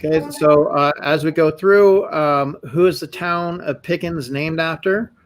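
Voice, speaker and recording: A man's voice: on the high side, measured pace. A man hosting a casual live stream, rambling with fillers as he reads out quiz answers. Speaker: show host.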